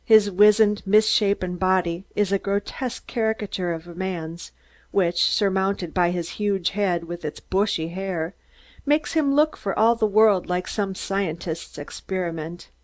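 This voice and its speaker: In this audiobook narration, a female reader with a mid-range voice delivers a mystery story at a measured pace, with plenty of expression.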